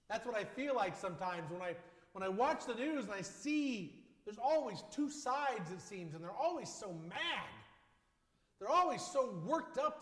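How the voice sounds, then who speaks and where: A male pastor delivering a sermon in measured phrases, building on repeated lines and often dropping to a soft voice. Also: high-pitched. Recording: echoey hall with long reverb.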